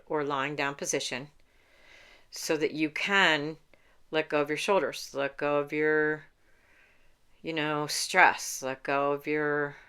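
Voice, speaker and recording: Low, smooth-voiced woman meditation coach. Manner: calm, unhurried, explains step by step with small laughs. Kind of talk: instructional talk to camera.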